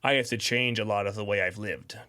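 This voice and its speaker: A man's voice: on the low side, steady tone, fairly quick, sharp tone, clean tone, no echo, clean studio sound. A man guest on a podcast, telling a personal story in a rambling, casual way, full of "you know" and "like". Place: studio.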